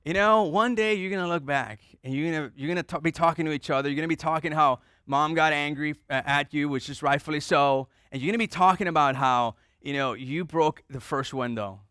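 A man's voice: on the high side, a little fast, hardly any pauses, sharp tone, smooth, dry recording, studio quality. A man preaching a sermon as pastor, telling a family story in a conversational way and acting out the dialogue.

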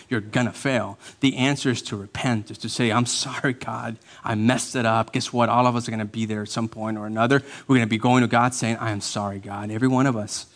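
Male pastor, sermon; emphatic, repeats key lines, loud-to-hushed swings. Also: mid-range voice. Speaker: lead pastor.

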